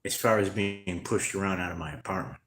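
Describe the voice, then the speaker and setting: A tired man talking to camera in a halting, rambling, distressed way, with many restarts. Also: low-pitched, fairly bright tone. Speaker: vlogger. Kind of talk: unscripted personal vlog to camera. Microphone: camera mic. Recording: roomy echoey room.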